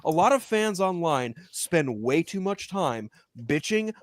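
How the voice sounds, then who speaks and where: Brief: male co-host, fired-up swearing rant, slightly high voice, close and dry. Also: sing-song, measured pace, no echo. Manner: ranting, profane, mocks fans in whiny shouts. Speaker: podcast co-host. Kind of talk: heated casual chat.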